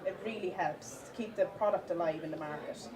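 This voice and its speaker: A woman giving a live conference talk, with many fillers and restarts, stressing the points of a list slowly. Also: on the low side, a crowd in the background. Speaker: conference speaker. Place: conference hall with audience. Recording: distant mic, audience in hall.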